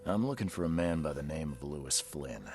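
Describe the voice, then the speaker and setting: An actor playing a hard-nosed male detective who questions people in a calm, pressing way. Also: a bass voice, a little fast, soft background music. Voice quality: gravelly.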